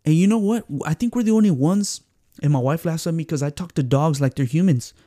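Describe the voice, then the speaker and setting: Man, Mexican accent, podcast host, casual storytelling, fairly high voice, mellow tone, dry close sound. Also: fairly quick, no echo. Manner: animated storyteller who acts out quotes and slips into Spanish phrases. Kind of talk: casual chat.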